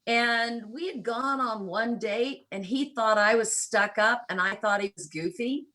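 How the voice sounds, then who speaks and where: A woman around sixty from rural Kentucky with a faint Southern accent, telling stories as a guest in an interview, shifting between quick runs and slow, deliberate phrases. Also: on the high side, pushed and bright, poor audio. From rural Kentucky, USA. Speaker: guest, church planter. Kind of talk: conversational interview storytelling.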